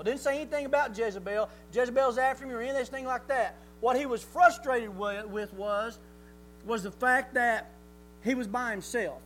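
A man preaching a sermon, telling the story in a folksy, animated way that builds to near shouting. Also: extremely high pitch, slight background noise, low-quality recording.

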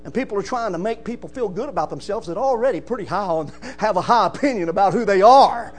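Preacher guy, really high voice, loud emphatic sermon, mains hum in the back. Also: expressive, quick pace. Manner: emphatic preaching with rising shouts and "amen" calls.

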